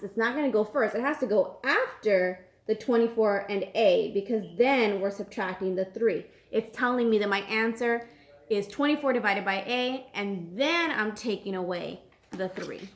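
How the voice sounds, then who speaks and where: A woman teacher walks through an algebra problem at an easy pace with a voice of middle pitch. She repeats each step and checks in with her class as she goes. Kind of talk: recorded math lesson.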